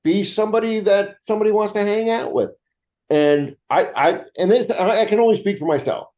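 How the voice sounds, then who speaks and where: A man talking as a guest in a casual interview, animated and joking, with many restarts. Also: high-pitched, fairly quick. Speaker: paranormal investigator guest. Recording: roomy, dull lo-fi sound.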